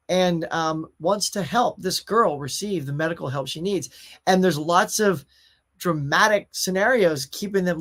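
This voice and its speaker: A man's voice: high voice, a bit bright. A middle-aged man hosting a casual pop culture show, chatting and reading viewer comments in a rambling way with fillers.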